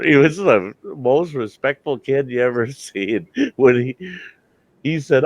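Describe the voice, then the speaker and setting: Older male host, casual storyteller, animated, acts out quotes; dry close sound. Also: medium pitch, a little slow, no room sound.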